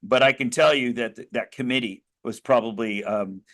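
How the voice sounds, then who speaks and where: A man's voice: medium pitch, normal speed, a bit bright. An American man speaking as an interview guest, telling his story earnestly with many restarts and rising bursts of emphasis. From United States. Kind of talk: conversational interview.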